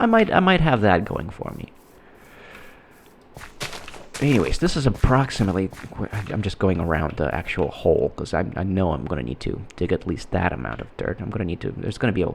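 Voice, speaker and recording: A man giving casual, rambling commentary while playing a game, halting and restarting his sentences often. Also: low voice, sing-song, creaky, slight background noise. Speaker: gameplay commentator.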